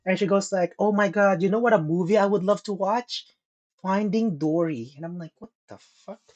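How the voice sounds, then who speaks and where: A man's voice: high voice, moderate pace. A young man co-hosting a casual podcast, telling a dating story with lots of laughter and swearing. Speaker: podcast co-host.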